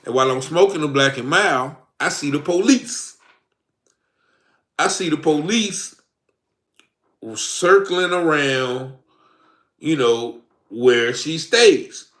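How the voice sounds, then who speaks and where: A man's voice: a little high, animated, slow pace, pauses often, a bit bright, roomy sound. A man telling his own story in a rambling, casual way, acting out the lines of both sides of an argument. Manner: rambling, acts out quoted dialogue.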